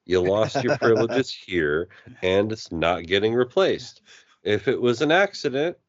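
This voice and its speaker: A man's voice: lowish voice, very animated, a little slow, no echo. A man co-hosting a podcast, telling rambling stories in casual chat and swearing freely. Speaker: podcast co-host. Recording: dull lo-fi podcast audio.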